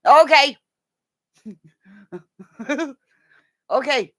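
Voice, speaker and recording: A woman's voice: mid-range voice, lively intonation, takes it slowly, a bit bright. A woman casually chatting to her livestream viewers from home, laughing constantly, swearing freely and teasing them affectionately. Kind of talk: casual rambling chat. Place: at home, in bed with her dog.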